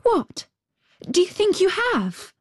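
A woman voicing an eager, anxious little girl in a fairy tale reading, with high, breathless exclamations. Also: expressive, takes it slowly, a little mellow, dry recording, clean studio sound.

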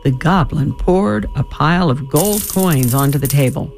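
A man reading a children's storybook aloud, with expressive, dramatic storytelling. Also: a little high, a little slow, creaky, hardly any pauses, faint music behind.

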